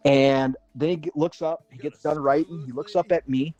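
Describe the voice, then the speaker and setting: A man's voice: fairly high pitch, fairly even intonation, normal speed, a little mellow, muffled recording, soft background music. A man in his forties from Minnesota tells a long personal anecdote on a livestream. He swears casually and acts out what other people said. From Minnesota, USA. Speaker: livestream panelist.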